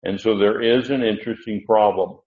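A man's voice: on the low side, steady tone, normal speed. A man giving informal Bible teaching, rambling and correcting himself as he thinks aloud. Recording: echoey, dull lo-fi room recording.

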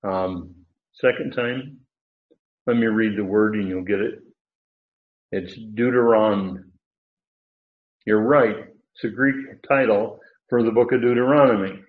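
Going through Scripture verse by verse, this teacher stresses the meaning of the Greek terms and fixes his own slips as he speaks. He has a fairly low voice, talks slowly with long pauses, and the recording sounds tinny, like a phone, with room echo.

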